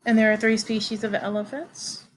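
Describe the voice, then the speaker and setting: A woman giving a recorded biology lecture to students, halting and informal, with many fillers and restarts. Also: a little high, level tone, a little hiss or hum, rough recording. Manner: informal, addresses students directly.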